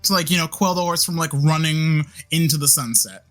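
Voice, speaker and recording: A man's voice: fairly high pitch, fairly quick, a bit bright. A man acting as game master, giving matter-of-fact rulings with dry jokes. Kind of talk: running a tabletop game. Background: faint music.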